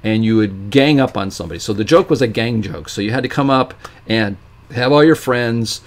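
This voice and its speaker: A middle-aged man from Ohio hosting a casual live question-and-answer stream, rambling with restarts and telling stories in which he acts out the other voices. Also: brisk. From Ohio, USA. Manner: animated storyteller, acts out quoted voices with big pitch jumps; rambling with frequent restarts and fillers.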